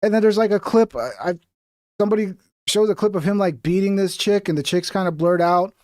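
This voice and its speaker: Male streamer, higher voice, dry close sound, blunt swearing commentary, casual. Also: brisk, a little mellow, no echo. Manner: blunt, profane, trailing off with bro and dude. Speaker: streamer reacting to clips.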